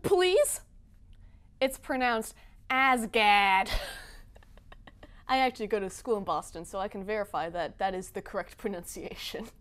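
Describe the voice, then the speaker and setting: A young woman hosting a comedy video, reading tweets aloud in quick playful voices with a sassy, dramatic delivery. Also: medium pitch. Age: young adult. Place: Boston.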